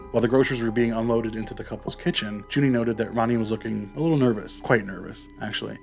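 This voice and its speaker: Fast-talking man narrating true crime. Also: mid-range voice, vocal fry. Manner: casual, profane, joking asides. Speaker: podcast host.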